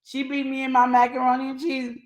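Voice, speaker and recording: A middle-aged woman co-hosting a relationship advice show, chatting casually and telling stories with drawn-out emphasis. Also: high-pitched. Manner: animated storyteller, drawn-out emphatic phrasing. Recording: roomy echo.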